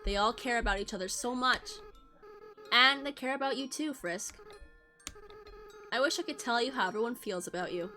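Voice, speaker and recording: Woman reading as a sad sweet goat-monster kid from a game, soft and halting, highish bright voice, faint music under it. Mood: remorseful. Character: young goat-monster boy, remorseful and tender. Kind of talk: reading game dialogue aloud.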